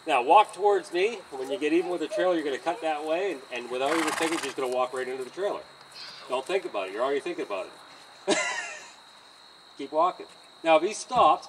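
A man training a horse outdoors by a trailer, coaching a student in an encouraging, animated way and often laughing. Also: fairly high pitch. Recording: distant outdoor mic with insect noise.

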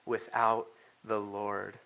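A man's voice: on the low side, level tone, slow pace, vocal fry, sharp tone. Earnest man preaching a casual sermon. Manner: conversational, earnest, with frequent fillers and restarts. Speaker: pastor. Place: church sanctuary.

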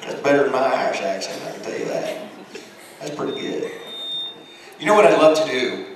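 A man's voice: mid-range voice, animated, a little fast. A man speaking as a convention panelist, in easygoing, rambling casual talk in a large hall. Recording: echoey hall, distant mic, background noise.

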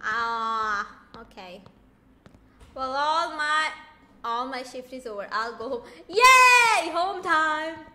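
A young woman streaming a horror game, talking loudly and excitably, swearing and sometimes screaming. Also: a little high, slow, pauses often. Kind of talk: let's play commentary. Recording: game music behind her voice.

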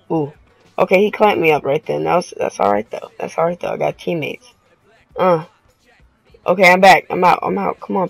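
A young man giving live, excitable commentary on his own basketball video game match, full of slangy trash talk. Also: fairly high pitch, gravelly, no echo, rough recording. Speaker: gaming video creator.

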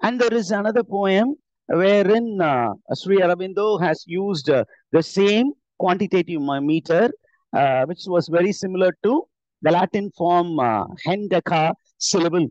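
A man's voice: sits high, moderate pace, darkish tone, no room sound. A man with an Indian English accent teaching a live online lesson, explaining step by step with many filler "uh"s and self-corrections. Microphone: computer mic on an online class call. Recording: dull, dry online call audio.

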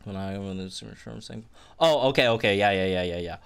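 A young man giving excited commentary on a game update, bursting into squeals and laughter as he talks to viewers. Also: fairly low pitch, fast talker, vocal fry, clean tone, soft background music. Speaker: gaming youtuber.

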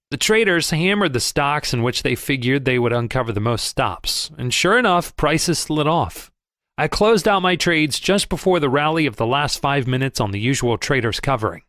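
A man reading a first-person audiobook in a lively storytelling manner, close to the mic. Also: on the high side, no echo. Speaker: audiobook narrator.

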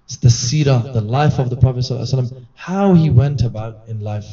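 A fast-talking religious teacher with a medium-pitched, dark voice gives an earnest reminder to a gathering, sounding distant and muffled. He keeps it conversational and acts out quoted voices, with the hall recording dull and lo-fi from a distant mic.

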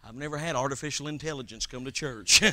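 A man preaching a revival sermon, swinging between loud shouted lines and quiet, hushed scripture quotes. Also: mid-range voice, fast talker.

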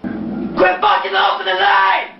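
A man playing a video game, shouting furious profanity at other players. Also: extremely high pitch, sing-song, takes it slowly, over music. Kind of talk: raging gameplay outbursts. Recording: muffled echoey room, distant mic, loud noise and crowd.

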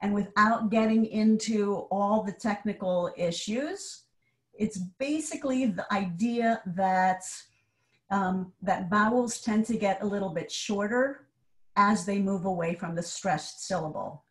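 A woman's voice: mid-range voice, unhurried. A woman teaching a Hebrew language class online, explaining step by step in a patient way.

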